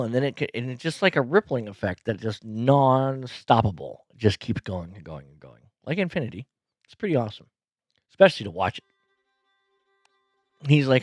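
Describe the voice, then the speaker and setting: A man's voice: medium pitch, moderate pace, no echo, clean studio sound, soft background music. A man hosting his own show from his bedroom, telling a rambling story with many restarts. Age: adult, has kids. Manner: rambling, animated retelling with repeated restarts. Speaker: podcast host. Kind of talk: casual storytelling monologue. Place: bedroom at home.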